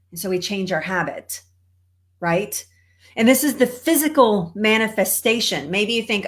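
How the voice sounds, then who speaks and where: A cancer coach from Texas, speaking with a Texan accent, gives a conversational motivational talk to live viewers, greeting them and laughing often. Her medium-pitched voice is a bit bright and moves at normal speed.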